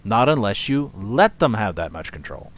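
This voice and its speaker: A man's voice: on the low side, big pitch swings, moderate pace. Scoffing, rambling male commentary host. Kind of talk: casual reaction commentary.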